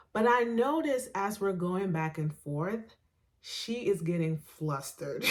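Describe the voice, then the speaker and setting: Animated woman telling a personal story. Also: lowish voice. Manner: animated, laughs often, acts out quoted dialogue. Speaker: podcast host.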